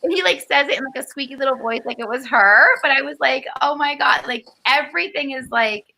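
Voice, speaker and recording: A woman's voice: high voice, brisk, gravelly, bright, forceful tone. A woman in her thirties chatting casually on a video call, rambling and swearing, full of "like". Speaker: guest. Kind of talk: casual chat.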